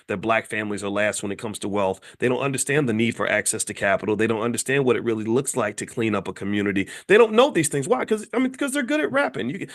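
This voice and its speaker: A commentator on Black economics gives an emphatic, animated monologue in casual commentary. He often repeats himself and swings from low, quiet lines to high, loud ones.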